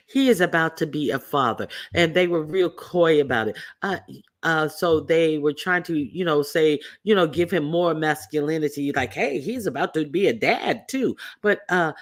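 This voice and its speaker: A man hosting casual political commentary, telling stories in a rambling, animated way with lots of fillers. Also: fairly high pitch.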